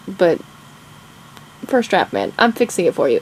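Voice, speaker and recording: Excitable young woman gushing over her writing. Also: medium pitch, moderate pace, long pauses, a little hiss or hum, poor audio. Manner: gushing, excitable, laughs often. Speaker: author vlogger. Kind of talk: casual vlog chat, reading her draft aloud.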